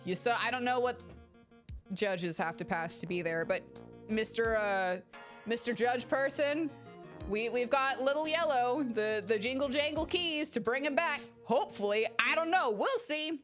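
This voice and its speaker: Excitable young woman streamer. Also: fairly high pitch. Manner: excitable, loud, quick to laugh and swear at the screen. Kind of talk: let's play commentary. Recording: game music under voice. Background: game music.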